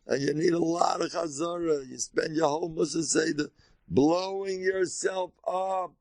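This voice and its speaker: An older man, a rabbi, giving an informal Torah lecture in American Orthodox Jewish English, emphatic and animated, jumping between high exclamations and low asides. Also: a little slow, gravelly, no room sound.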